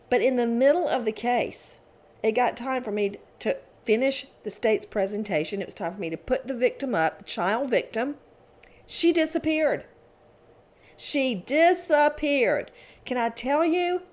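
A woman podcast host and former prosecutor who argues forcefully, pressing with rapid questions in a heated debate. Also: medium pitch.

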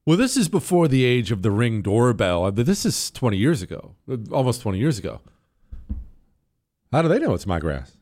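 Animated middle-aged man spinning a yarn. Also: mid-range voice, moderate pace, long pauses. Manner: animated, defiant, rambling. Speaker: podcast guest. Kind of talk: casual storytelling.

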